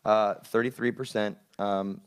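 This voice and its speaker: Laid-back young man, low voice. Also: fairly even intonation, unhurried, clean tone. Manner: rambling, laid-back storytelling with crude jokes. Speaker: podcast co-host. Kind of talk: casual chat. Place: studio.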